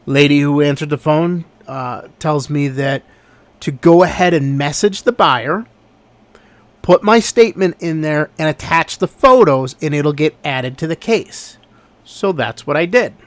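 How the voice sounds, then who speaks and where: A man telling a story in a casual vlog, exasperated and animated as he recounts what happened. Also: a little high, measured pace, no echo. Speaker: online reseller.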